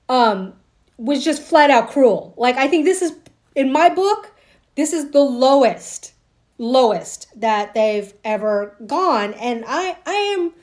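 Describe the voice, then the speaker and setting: High-voiced indignant woman vlogger. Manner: indignant, emphatic, animated reenactments. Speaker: TV commentary vlogger. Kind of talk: casual opinion vlog.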